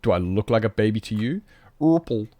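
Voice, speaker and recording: A man with an Australian accent and a fairly low voice chats away as he plays, rambling and reacting to his viewers. The sound is dry and close. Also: quick pace, darkish tone, no room sound. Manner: rambling, reads and answers chat. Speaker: streamer. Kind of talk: casual chat while playing a game.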